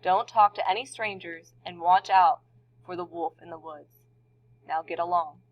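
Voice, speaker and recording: A woman's voice: on the low side, steady tone, normal speed, lightly acted. A woman reading as a stern, warning mother. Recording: dull lo-fi recording.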